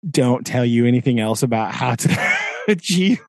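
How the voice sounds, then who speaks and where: A man's voice: medium pitch, lively intonation, normal speed, no room sound. Rambling man venting in casual chat. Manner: rambling, filler-heavy venting with frequent laughs. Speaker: podcast co-host.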